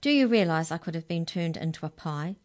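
Woman doing a furious, shouting little creature. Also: sits low, animated, brisk. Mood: indignant. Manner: shouting, indignant. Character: furious small caged female creature, loud and insulting. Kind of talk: storybook reading.

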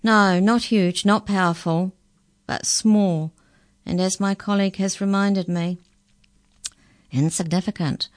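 A woman's voice: mid-range voice, fairly even intonation, measured pace, long pauses, voice pushed up, close to an everyday voice. A woman reading aloud and voicing a pompous, officious male rat customs officer in a children's story. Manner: officious, formal.

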